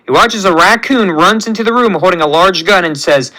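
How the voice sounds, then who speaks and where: A man hosting his channel, reading a fan story aloud with lively narration. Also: high-pitched, moderate pace, few pauses, rough recording. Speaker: channel host.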